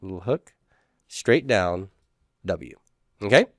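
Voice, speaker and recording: A man's voice: low-pitched, animated, takes it slowly, no echo, clean studio sound. A man teaching a class, talking casually and repeating letter names for students to say back. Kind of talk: classroom lecture.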